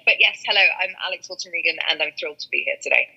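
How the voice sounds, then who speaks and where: A British woman with a London accent chats as an interview guest, her voice very bright and ringing. She tells lively stories and laughs often. The sound comes through dull and lo-fi. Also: fairly low pitch, racing, vocal fry, slightly rough. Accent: British English, London. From England. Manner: laughs often, animated storytelling. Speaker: guest actress. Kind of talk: casual interview chat.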